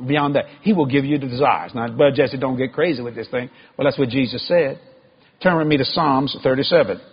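A husky, fairly high-voiced man, preaching in a folksy, storytelling way. He breaks into laughing asides and climbs to loud, emphatic peaks. The recording sounds dull and lo-fi, like an older sermon tape. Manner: folksy, animated, laughing asides, rising to shouts.

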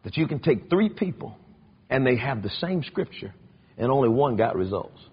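Preacher guy, kinda husky, higher voice, dull lo-fi recording. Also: moderate pace. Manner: animated storytelling with big swings in pitch. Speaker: pastor. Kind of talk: sermon. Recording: dull lo-fi sound.

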